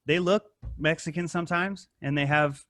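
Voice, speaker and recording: A man hosting a casual podcast, rambling and swearing a lot, with animated retellings of stories. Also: fairly high pitch, normal speed, dry recording. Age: adult with wife and kid. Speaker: podcast host. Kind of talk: casual profane chat.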